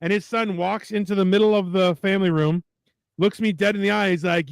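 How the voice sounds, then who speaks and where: A man's voice: high-pitched, fairly even intonation, fairly quick, vocal fry, dry recording. A man co-hosting a casual podcast, joking and telling stories. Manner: joking, storytelling. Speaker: co-host.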